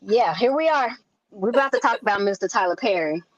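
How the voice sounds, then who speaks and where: A woman's voice: mid-range voice, expressive, a little fast, no echo, highs cut off. A woman co-hosting a podcast, chatty and talking straight to her listeners. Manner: chatty, addresses listeners directly. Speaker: podcast co-host. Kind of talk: casual podcast chat.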